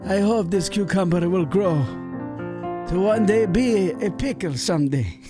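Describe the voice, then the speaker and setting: A man's voice: a little slow, over music. A man voicing an old Italian immigrant grandfather with an exaggerated Italian accent. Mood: hopeful. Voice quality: raised pitch, heavy put-on accent.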